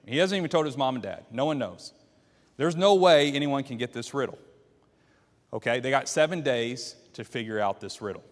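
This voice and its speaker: A man teaching a church Bible class, retelling a story and putting questions to the class. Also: medium pitch. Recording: long hall reverb.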